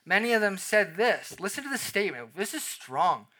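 A man delivers a sermon with a very bright, forceful voice. His tone is animated and conversational, and he acts out small scenes in quoted voices. He sits a little high for a man. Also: moderate pace. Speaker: pastor.

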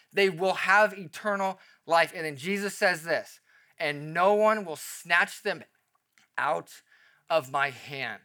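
A man preaching a sermon as pastor, emphatic and animated, asking rhetorical questions and lowering to a quiet tone for reassurance.

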